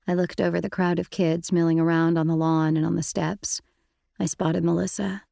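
A woman's voice: lowish voice, little pitch movement, normal speed, gravelly, warm tone, dry recording, clean studio sound. A woman reading an audiobook in the first person, with intimate, reflective storytelling. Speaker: audiobook narrator.

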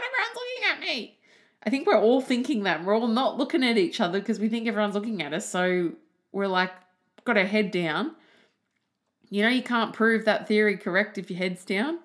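A woman hosting a casual solo podcast, chatty and animated, swearing freely. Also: medium pitch. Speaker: podcast host.

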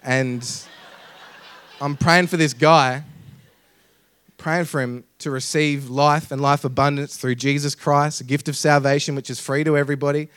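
A young man, a pastor, telling a story in a sermon with humor and loud emphatic peaks. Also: a little high, moderate pace, clean tone, no room sound, studio quality. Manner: lively, jokey, builds to loud emphatic peaks. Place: church.

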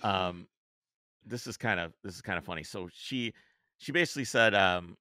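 A man in his thirties co-hosting a podcast, telling a story in a casual, animated way. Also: lowish voice, moderate pace, no echo, studio quality. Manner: animated storyteller, mimics voices in quotes. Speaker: podcast co-host.

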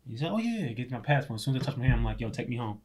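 Fast-talking man telling a story. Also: medium pitch. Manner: animated, laughing often, swearing. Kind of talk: casual storytelling.

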